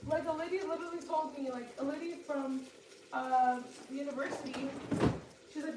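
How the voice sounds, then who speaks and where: A woman's voice: sits high, fairly even intonation, normal speed, very noisy. A young woman chatting casually to her viewers while cooking in her home kitchen, full of fillers and asides. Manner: chatty, many fillers, talks to viewers directly. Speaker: cooking vlogger.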